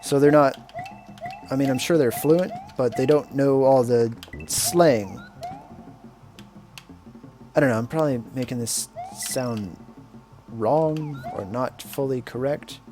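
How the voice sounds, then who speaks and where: Unhurried rambling man over game music. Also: medium pitch, dark tone. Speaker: streamer and English teacher. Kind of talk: casual chat while playing a game. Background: faint video game music.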